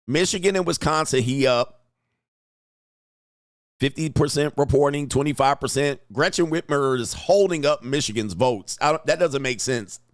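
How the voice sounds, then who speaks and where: A young man hosts a casual live stream, thinking out loud with a quick, excitable delivery. His voice sits at a middle pitch and sounds dry and close, with little room sound around it. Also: no room sound. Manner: thinks aloud, excitable, laughs often. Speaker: livestream host.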